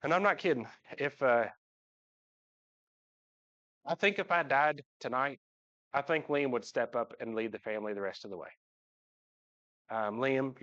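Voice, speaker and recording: A man's voice: medium pitch, a bit bright. Joking man in a dull church recording. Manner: joking storyteller, voice jumps up when imitating. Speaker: church member speaking to the congregation. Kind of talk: heartfelt personal talk from the pulpit. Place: church sanctuary.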